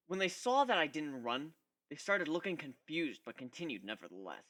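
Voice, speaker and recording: A man giving an expressive first-person dramatic reading of a fan fiction story. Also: fairly high pitch, normal speed. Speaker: reader.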